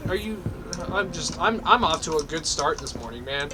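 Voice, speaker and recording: Young male gamer host, ranting and cursing for laughs, high bright voice, game music faint underneath. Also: expressive, normal speed. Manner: ranting, sweary, mock-angry. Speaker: gaming video host. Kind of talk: let's play commentary.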